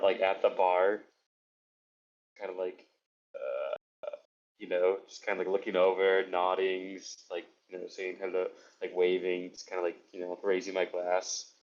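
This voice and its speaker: A man playing a tabletop game, describing his actions in a halting, rambling way. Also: low voice. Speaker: player. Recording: dull lo-fi re-recording.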